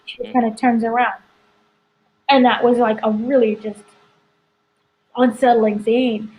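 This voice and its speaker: A woman's voice: a little high, little pitch movement, a little slow, a little mellow, rough recording. A woman editor chatting casually through a spoiler review, rambling with lots of "like" and "you know". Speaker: entertainment editor reviewing a TV episode.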